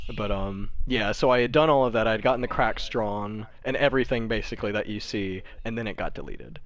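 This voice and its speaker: A man's voice: on the low side, fairly quick. A young man running a tabletop game, chatting casually after the session, rambling, laughing often and swearing freely. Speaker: game master. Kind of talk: casual post-session chat.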